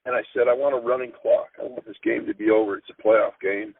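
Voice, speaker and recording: A middle-aged man, a football coach, telling an emotional story in an interview, earnest and halting with frequent restarts. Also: mid-range voice, steady tone, slightly rough. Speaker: high school football coach. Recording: tinny phone-line sound.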